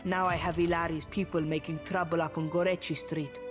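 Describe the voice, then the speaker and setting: An actress voicing a tired, stern town watch commander who speaks in a curt, measured way. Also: female voice, lowish voice, little pitch movement, music in the background, natural voice. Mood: weary. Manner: curt, measured, weary authority.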